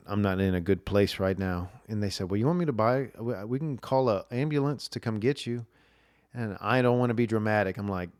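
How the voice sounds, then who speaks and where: A man's voice: medium pitch, darkish tone, dry recording, studio quality. Male podcast host, casual rambling storyteller, clean resonant voice. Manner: rambling, says "dude" and "like" a lot.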